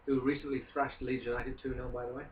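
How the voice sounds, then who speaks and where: A man's voice: medium pitch, level tone, quick pace. A man guesting on a casual football podcast, making dry, teasing asides. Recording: distant dull lo-fi sound with faint hiss.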